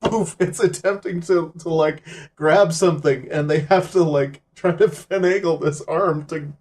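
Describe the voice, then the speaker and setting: A man's voice: fairly high pitch, fairly even intonation, normal speed, darkish tone. A man co-hosting a podcast, chatty and amused as he discusses a film. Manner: chatty, laughs through his retelling. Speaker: podcast co-host.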